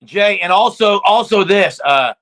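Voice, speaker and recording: A man's voice: high voice, expressive, unhurried, a bit bright. A man co-hosting a casual sports podcast, arguing his points and repeatedly addressing his co-host by name.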